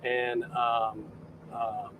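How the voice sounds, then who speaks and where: A man, a chef, chatting casually outdoors by a boat dock and telling animated stories. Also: medium pitch, drawn-out words, noisy background. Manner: animated, acts out quoted voices. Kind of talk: casual storytelling chat.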